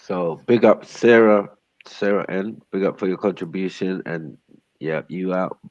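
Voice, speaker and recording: A man's voice: low voice, a little slow, darkish tone, dry recording, highs cut off. A man hosting a livestream, talking in a laid-back, slangy drawl. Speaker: livestream host. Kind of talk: casual chat.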